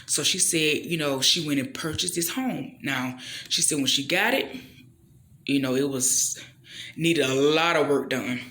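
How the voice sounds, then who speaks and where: A woman telling a story in a chatty, animated way, acting out the people in it and checking in with the listener as she goes. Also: unhurried. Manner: animated, acts out the people in her story with big jumps in pitch. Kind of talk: casual storytelling with a faith message.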